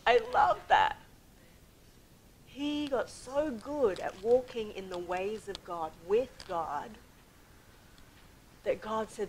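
A woman preaching a sermon in an animated way, laughing often and moving between soft whispers and loud bursts. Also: fairly high pitch, a little hiss or hum, low-quality recording.

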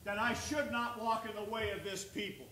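High, bright-voiced preaching pastor. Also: male voice, fairly even intonation, moderate pace. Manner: preaching with rising emphasis, reading scripture aloud. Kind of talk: sermon. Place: church sanctuary. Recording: echoey church room with faint noise.

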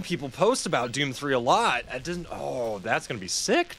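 A man's voice: medium pitch, big pitch swings, normal speed, few pauses, fairly bright tone, a little hiss or hum. A man streaming a video game, chatting casually with viewers, swearing freely and laughing often. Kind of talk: casual gameplay commentary.

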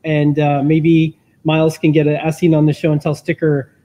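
A man's voice: a little high, monotone, moderate pace, mellow. A man hosting a live stream, thanking a guest and signing off with some hesitation. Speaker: host.

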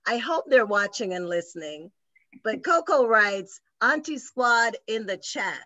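Playful higher-voiced host, dull call audio. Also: female voice, animated, measured pace, bright, forceful tone. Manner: playful, teasing, reads comments from the chat. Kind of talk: casual talk-show chat on a video call.

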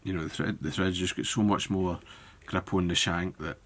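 Low-voiced man. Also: moderate pace. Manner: relaxed, thinking aloud while working with hands. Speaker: fly tying instructor. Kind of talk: step-by-step tutorial narration.

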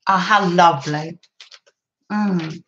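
A woman's voice: on the low side, takes it slowly, fairly bright tone, dull audio. A woman chatting through a craft session at her desk, gushing over papers and cooing about how lovely everything is. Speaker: craft vlogger. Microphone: camera on desk.

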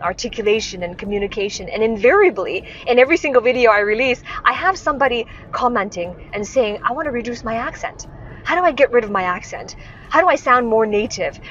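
A woman's voice: mid-range voice, a bit bright, highs cut off, a little hiss or hum. Emphatic woman coach, tag questions. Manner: emphatic, keeps adding "right?" as tag questions. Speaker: speech and communication coach. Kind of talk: direct-to-camera teaching talk.

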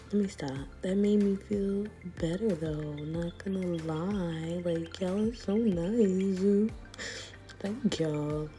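A woman's voice: lowish voice, warm tone. A young woman vlogger giving casual, slangy commentary on a chat room, laughing often and sometimes dropping to a whisper.

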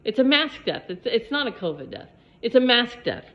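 A woman's voice: a little high, very animated, moderate pace. Woman, spiritual vlog talk, repeats herself for emphasis, preachy, muffled lo-fi sound. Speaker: yoga and spiritual vlogger. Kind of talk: spiritual pep talk to camera.

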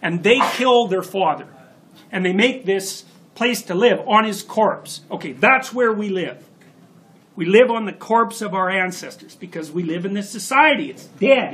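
A male lecturer with a high voice tells a story to his class in an animated way. He speaks with sudden emphatic bursts. Faint noise sits behind him. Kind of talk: university lecture. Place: lecture hall.

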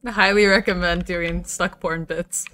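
A woman's voice: fairly low pitch, steady tone, moderate pace, sharp tone. A woman game streamer chatting casually as she plays, swearing freely and muttering to herself. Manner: swears freely, talks to herself while playing. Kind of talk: casual livestream chat while gaming.

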